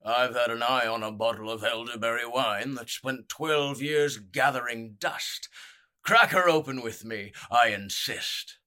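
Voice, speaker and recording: A man voicing a jovial, insistent fat man who coaxes others with hearty, drawn-out lines, in a storybook reading. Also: mid-range voice, pushed and bright, voice pushed up. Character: jovial fat male tavern host, insistent.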